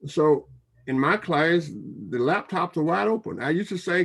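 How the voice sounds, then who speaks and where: A man's voice: a little high, lively intonation, measured pace, vocal fry, breathy edge. An older man, a professor, speaking in a roundtable discussion in a rambling way that often repeats words.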